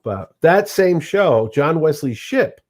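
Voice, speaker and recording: A man's voice: on the high side, slow. A man casually telling convention stories on a podcast, acting out the voices of the people in them. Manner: animated, acts out quoted voices.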